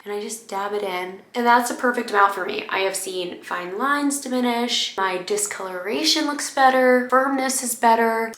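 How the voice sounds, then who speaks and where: A woman's voice: mid-range voice, sharp tone. A young woman chatting casually to the camera as a lifestyle vlogger, bubbly and talkative. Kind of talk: casual vlog chat. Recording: echoey room.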